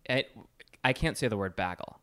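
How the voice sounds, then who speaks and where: Low-voiced playful woman from Wisconsin. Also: lively intonation, brisk. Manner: playful, jokey, riffs and freestyles. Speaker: podcast co-host. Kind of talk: casual chat.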